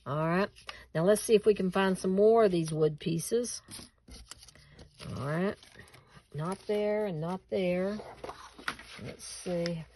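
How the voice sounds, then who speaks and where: A woman's voice: fairly low pitch, takes it slowly, pauses often, dark tone. A woman hosting a casual craft tutorial at home, chatting with viewers and laughing at herself as she cuts and glues.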